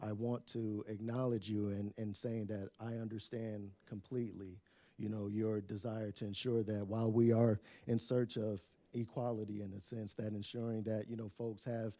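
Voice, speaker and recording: A man giving a public comment at a city council meeting, hesitant and searching for words, with frequent fillers and restarts, his voice often dropping softly. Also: on the low side, flat delivery, normal speed, no echo.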